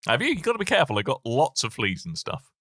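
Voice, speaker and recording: A man's voice: mid-range voice, wildly swooping pitch, quick pace, sharp tone, no room sound, clean studio sound. A man co-hosting a games podcast, chatty and jokey, trailing off and restarting as he talks. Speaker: podcast co-host. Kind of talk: casual chat about video games.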